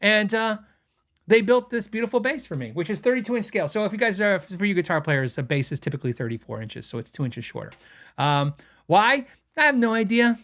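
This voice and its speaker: A man hosting a gear podcast, telling a story in a chatty, animated way and laughing at his own anecdotes. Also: high-pitched, fairly quick. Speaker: podcast host. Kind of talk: casual storytelling.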